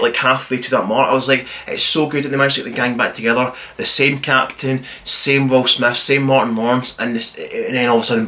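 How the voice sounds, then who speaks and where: Rambling man, bright forceful voice. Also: medium pitch. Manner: rambling, excitable retelling with swearing. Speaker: film reviewer. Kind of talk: casual spoiler-filled film review.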